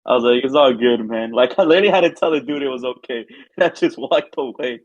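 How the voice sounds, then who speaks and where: A man's voice: mid-range voice, fast talker, dry recording. A young man, a podcast co-host, telling a rambling, filler-heavy story in casual chat. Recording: dull lo-fi sound.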